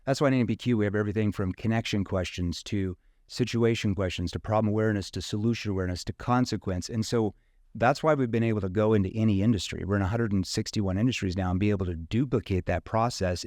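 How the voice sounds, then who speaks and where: Guest sales trainer, male, lowish voice, dry close sound, conversational and explanatory with lots of "you know". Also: a little mellow, no echo. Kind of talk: casual interview explanation.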